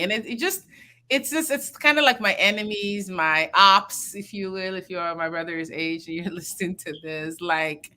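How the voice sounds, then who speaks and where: A woman chats casually as a podcast host. Her voice is bright and clear, and she tells stories in an animated way, packed with fillers and quick laughs. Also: mid-range voice. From Nigeria. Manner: animated storytelling, laughs often, many fillers. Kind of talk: casual chat.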